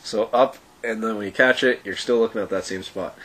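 A man calmly explaining, in a casual chat among friends. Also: lowish voice, brisk, rough recording. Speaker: weightlifter, podcast guest.

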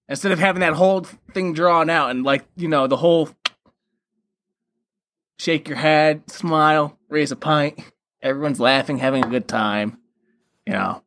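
Animated, swearing man in casual film chat. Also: fairly high pitch, moderate pace, pauses often. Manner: animated, swears freely, acts out movie quotes. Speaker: podcast co-host.

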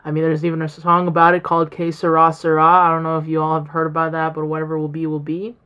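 A young woman speaks low in her range while she hosts a solo podcast. She muses aloud in a rambling way and often restarts her sentences. The recording sounds a little dull and muffled. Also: completely flat delivery, quick pace, a bit bright, clean tone. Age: young adult. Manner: rambling and reflective, with many fillers and restarts. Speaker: podcast host. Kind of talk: casual solo podcast talk.

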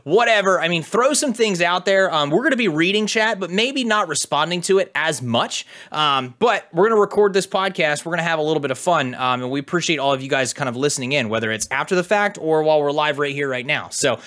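A man's voice: on the high side, expressive, fast, few pauses, pushed and bright. A young man co-hosting a livestreamed podcast, telling stories in a casual, rambling way with lots of fillers. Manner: rambling, filler-heavy storytelling. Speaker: podcast co-host.

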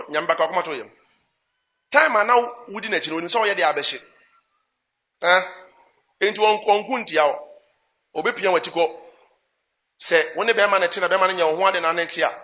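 Bright high-voiced man preaching. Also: fast talker, long pauses. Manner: switches between English and Twi, dramatic swings in pitch and volume. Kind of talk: sermon with interpreter.

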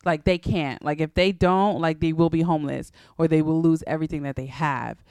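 A young woman co-hosting a podcast, chatting in an animated, exasperated way and laughing easily. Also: deep voice, a little fast, smooth, no room sound, studio quality. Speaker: podcast co-host. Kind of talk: casual chat.

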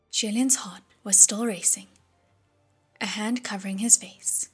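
A woman narrates an audiobook in a hushed reading voice. Her tone is very breathy and husky, and faint music runs underneath. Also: medium pitch, steady tone, measured pace.

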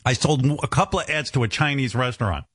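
A man's voice: medium pitch, lively intonation, quick pace, fairly bright tone, slightly rough, no room sound, studio quality. A man from New hosts a radio show, telling rambling stories full of profanity and fillers. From New York. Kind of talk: casual radio show banter.

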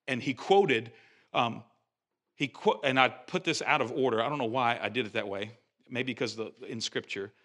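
A male pastor preaching with a bright, forceful voice. He talks in a loose, conversational way, backing up to rephrase, and pushes higher and louder when something excites him. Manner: animated, conversational preaching with restarts and rising emphasis. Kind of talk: sermon.

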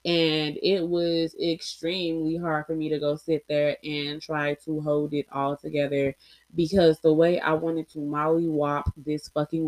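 A young adult woman vlogger with a low-pitched, darkish voice shares personal stories candidly, bluntly and with heavy profanity, acting out the lines she quotes. The audio has no room sound.

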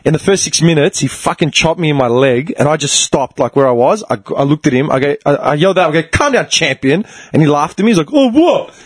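A man's voice: on the high side, fast talker, few pauses. A man, telling a profane, laugh-filled story in casual chat. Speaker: storyteller among friends.

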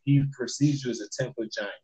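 A man's voice: mid-range voice, a little fast, a loud crowd, poor audio. A man in casual podcast banter, joking and teasing, with some swearing. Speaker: podcast co-host.

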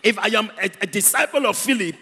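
A man's voice: high voice, fast, pushed and bright, breathy edge. A man from Ghana preaching a sermon in a church, emphatic, repeating key words and singing out phrases. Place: church hall. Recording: echoey church hall with long reverb.

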